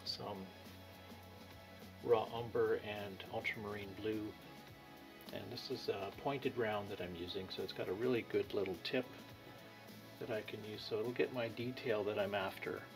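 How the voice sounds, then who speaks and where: Painting instructor, male, low gravelly voice, relaxed thinking-aloud delivery. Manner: thinks aloud while painting, with pauses and fillers. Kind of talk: unhurried painting tutorial. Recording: music playing behind.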